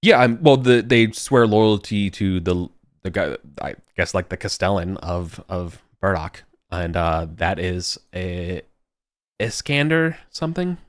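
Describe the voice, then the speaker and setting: A man's voice: low-pitched, measured pace, no echo, clean studio sound. A man narrating a tabletop game as game master, rambling and restarting his sentences. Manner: rambling, many fillers and restarts.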